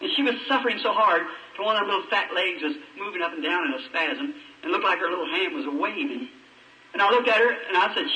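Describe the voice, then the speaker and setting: A man preaching a sermon, telling a personal story with deep emotion and rising to pleading cries. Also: lively intonation, quick pace, bright, forceful tone. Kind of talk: sermon testimony. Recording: echoey hall from far off, old tape hiss.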